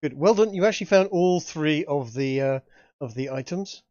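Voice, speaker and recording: A man running a tabletop game as dm, a bit high, keeps repeating words, dull lo-fi dry sound. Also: moderate pace, darkish tone, no room sound. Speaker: game master.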